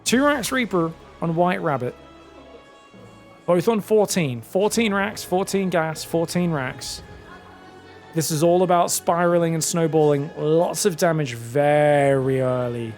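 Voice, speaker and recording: Gravelly-voiced man casting a game. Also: a little high, faint music behind. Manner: excitable, quick play-by-play with casual asides to viewers. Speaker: esports caster. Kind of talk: solo game commentary and chat reading.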